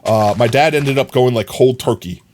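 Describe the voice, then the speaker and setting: A man's voice: mid-range voice, moderate pace, darkish tone, a little hiss or hum. A man streaming live, chatting casually with viewers and telling stories in a loose, rambling way, full of fillers. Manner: reads and answers chat comments.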